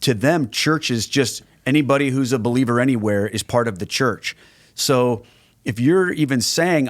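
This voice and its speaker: A man's voice: mid-range voice, dry recording, studio quality. A middle-aged man, a guest on a podcast, answering questions in an earnest, conversational way and often restarting his phrases. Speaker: guest, Catholic evangelist.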